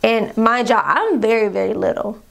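A woman's voice: fairly high pitch, moderate pace, creaky. Young woman, tearful storytelling vlog. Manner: rambling, addresses viewers as y'all, fighting back tears. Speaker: vlogger.

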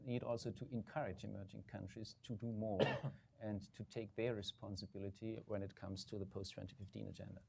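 Low-voiced state secretary on a panel. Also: male voice, level tone, vocal fry, warm tone, slight background noise. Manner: measured with frequent um and uh. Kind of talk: panel discussion remarks.

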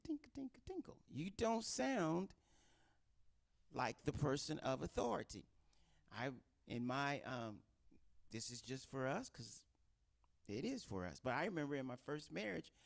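A middle-aged man delivers a relaxed, conversational sermon. His pitch swings up and down a lot, and he slips into quoted voices to make a point. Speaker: pastor. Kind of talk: informal sermon teaching.

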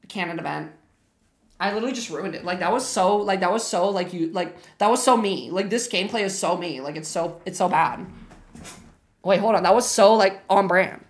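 A young woman streaming a game live, chatting to her viewers with loud, slangy, profane outbursts over game music. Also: medium pitch, animated, normal speed, long pauses.

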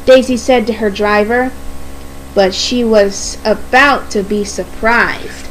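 Female storybook narrator, high and unhurried, expressive read-aloud. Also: slight background noise, rough recording. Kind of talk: storybook reading.

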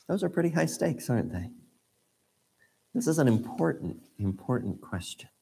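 A man with a slightly husky voice leads a Sunday school lesson. His pitch rises and falls a great deal as he presses his points with rhetorical questions. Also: big pitch swings, normal speed, dark tone. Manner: earnest, emphatic teaching with rhetorical questions.

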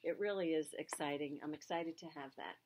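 Low-voiced woman, rambling chatty co-host. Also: a little fast, darkish tone, slight background noise. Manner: rambling, searches for words with many fillers. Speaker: yarn shop co-host. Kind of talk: casual chat.

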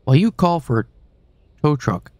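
A man's voice: on the high side, animated, moderate pace, darkish tone, no room sound, voice pushed up, natural voice. A man voicing an irritated young woman stranded at a cemetery, blunt and cursing. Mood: curt.

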